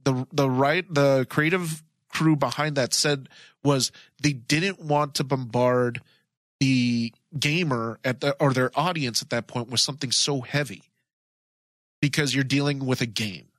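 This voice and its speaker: A man's voice: medium pitch, steady tone, measured pace, a bit bright, clean studio sound. A man co-hosting a casual podcast, agreeable, often echoing his partner and laughing easily. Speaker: podcast co-host.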